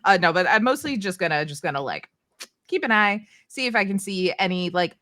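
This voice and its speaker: A woman's voice: medium pitch, animated, a little fast, fairly bright tone. A woman playing a tabletop game on a livestream, talking in a hesitant, giggly way full of fillers. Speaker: player.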